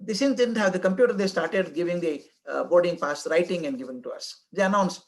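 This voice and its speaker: Indian guy giving a motivational talk, tells stories fast, kinda high voice. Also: lively intonation, rough recording. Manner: storytelling, moralizing, mixing in Kannada. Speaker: guest speaker.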